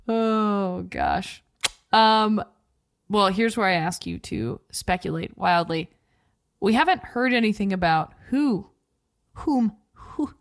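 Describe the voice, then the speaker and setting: A woman's voice: medium pitch, no room sound, studio quality. Playful, chatty woman hosting a podcast. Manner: playful, chatty, asks questions. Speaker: podcast host. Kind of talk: casual podcast discussion.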